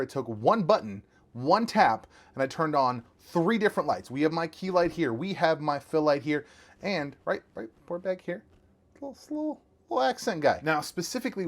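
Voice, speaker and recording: A young man runs a casual gear review from a small home studio. He talks to his viewers in a slangy, excitable way, with a voice of ordinary middle pitch. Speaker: tech reviewer, channel host. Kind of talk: casual product review vlog.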